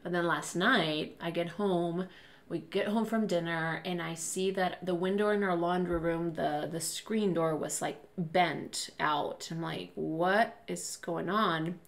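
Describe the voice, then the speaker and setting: A woman's voice: fairly low pitch, fairly even intonation, a little slow. A woman who is a podcast guest, telling family stories in casual chat and laughing as she talks.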